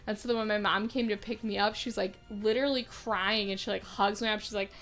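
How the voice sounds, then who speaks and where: A woman's voice: medium pitch, steady tone, a little fast, fairly bright tone. A woman co-hosting a casual podcast while gaming, rambling through stories and giggling often. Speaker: podcast co-host. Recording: faint music behind.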